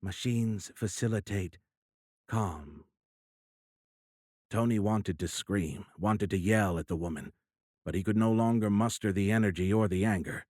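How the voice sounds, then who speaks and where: A man narrating a sci-fi audiobook in a steady, measured storytelling manner. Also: lowish voice, dry recording, clean studio sound. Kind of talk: scripted narration.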